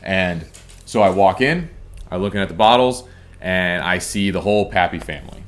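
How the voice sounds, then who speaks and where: Male co-host, deep voice, relaxed anecdotal delivery. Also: moderate pace. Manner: relaxed, chatty anecdote teller. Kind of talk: casual storytelling.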